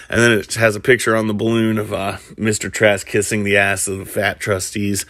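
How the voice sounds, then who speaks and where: A man's voice: on the low side, little pitch movement, brisk, few pauses, a bit bright, no room sound, studio quality. A man casually retelling a film plot as a comedic storyteller, rambling with many fillers and restarts.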